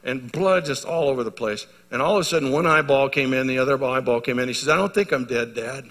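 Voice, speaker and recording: A middle-aged male pastor preaching a sermon, telling a story and moving from hushed to loud and emphatic. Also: mid-range voice, fast talker, a little hiss or hum. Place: church hall. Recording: reverberant church hall.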